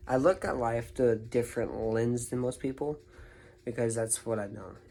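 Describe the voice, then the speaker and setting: Young male vlogger, husky and gravelly, rambling storyteller. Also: medium pitch, normal speed, mellow, poor audio. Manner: rambling, repeats words and restarts. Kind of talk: casual storytelling monologue.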